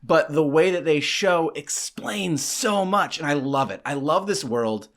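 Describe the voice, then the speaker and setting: A man's voice: on the high side, lively intonation, unhurried, a bit bright. A man co-hosting a movie review, talking enthusiastically and emphatically in a casual chat.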